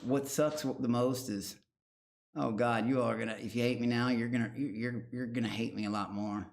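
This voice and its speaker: A man's voice: medium pitch, steady tone, a little fast, gravelly. A man streaming live and reacting to a show. He rambles, swears heavily and taunts his chat. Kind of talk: casual livestream commentary.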